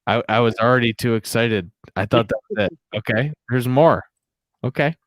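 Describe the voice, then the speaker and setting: A man's voice: mid-range voice, moderate pace, no echo. A young man hosting a casual podcast, rambling and laughing a lot as he talks. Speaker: podcast host. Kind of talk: casual chat.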